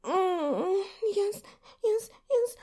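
A woman's voice: very high-pitched, lively intonation, very slow, mellow. A young adult woman performing an adult audio role-play, pleading and breathless, sometimes dropping to a whisper.

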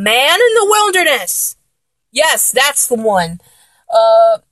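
Excitable rambling woman, slow and close. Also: on the high side, no room sound. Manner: excitable, rambling, many ums and restarts, laughs often; sings snatches of songs badly. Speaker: music fan talking to viewers. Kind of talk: casual rambling chat.

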